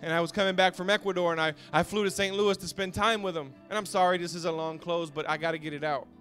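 Impassioned high bright-voiced man preaching. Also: fairly even intonation, faint music behind. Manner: swings from hushed storytelling to shouted passion; halting, repeats words when moved. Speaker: pastor. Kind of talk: emotional personal testimony sermon.

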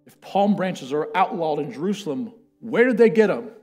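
A man preaching a sermon and reading scripture aloud, swinging from loud declarations to hushed words. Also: fairly high pitch, lively intonation, normal speed, soft background music.

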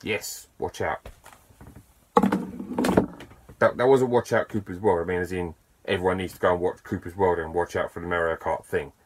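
A man talking casually to camera as a YouTuber, chatty and enthusiastic, with bursts of excitement and self-deprecating asides. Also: deep voice, fast, a little hiss or hum. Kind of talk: casual to-camera vlog talk.

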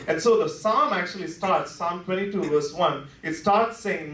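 Guy preaching in a church, kinda high voice, chatty with lots of you-knows, sounds far off and echoey like a big sanctuary. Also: lively intonation, moderate pace. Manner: conversational, full of "you know" fillers; swings between soft, low asides and impassioned rises. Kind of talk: Good Friday sermon. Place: church worship center. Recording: echoey sanctuary heard from a distance.

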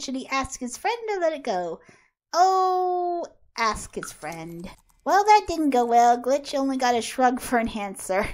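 A woman narrates her game session, bossing and cheering on the characters as she plays. Her voice sits high and swoops widely as she reacts, with frequent laughter. It is chatty, animated commentary. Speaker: author playing a life-sim game. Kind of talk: gameplay commentary.

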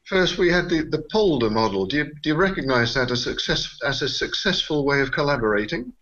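A man's voice: fairly high pitch, lively intonation, a little fast, bright, forceful tone, lo-fi sound. A man moderating a panel discussion at a conference, hesitant and repeating words as he searches for phrasing.

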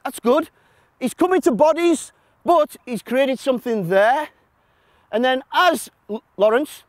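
High-voiced, blunt football coach. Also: male voice, dry recording. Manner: shouting instructions to players on a pitch, then explaining quietly to an audience; blunt, joking. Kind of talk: coaching session with live demonstration. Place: outdoor football pitch.

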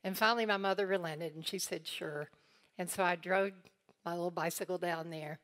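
A woman's voice: fairly low pitch, fairly even intonation, a little fast, fairly bright tone. A woman from eastern Kentucky teaching a church congregation, telling family stories and acting out the people she quotes. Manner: storytelling, acts out quoted voices with laughs. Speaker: guest teacher.

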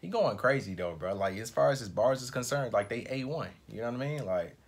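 A man's voice: mid-range voice, expressive, a little fast, a little hiss or hum. A man hosting a reaction video, talking in a rambling, emphatic way with lots of slang. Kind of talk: casual reaction commentary.

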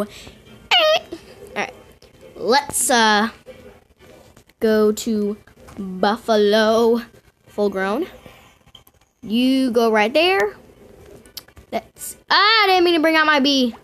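A woman hosting a gaming video, chatting casually to her viewers. Her voice sits fairly high and swoops all over the place as she squeals and gasps with excitement. She talks slowly and drawn out between the outbursts. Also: soft background music. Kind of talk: casual game commentary to viewers.

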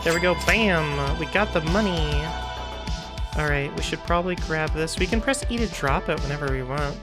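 Jumpy lady streamer chatting through a horror game, laughs a lot, music behind. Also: lowish voice. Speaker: gaming streamer. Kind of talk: let's play commentary.

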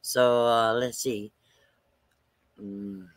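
A man's voice: medium pitch, little pitch movement, drawn-out words. An older man hosting a livestream, telling a rambling story casually and chuckling often between lines. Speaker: livestream host.

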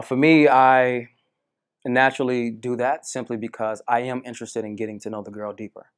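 Male dating coach, casual lively storyteller, mid-range voice. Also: mid-range voice. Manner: animated storytelling, acts out quoted women. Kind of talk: coaching talk to a student.

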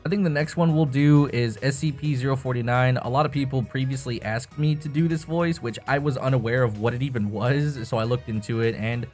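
A man's voice: medium pitch, brisk, few pauses, darkish tone, faint music behind. A young man talking casually about voice acting with a voice changer, rambling and swearing. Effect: voice changer tests. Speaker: YouTuber. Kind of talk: casual tutorial chat.

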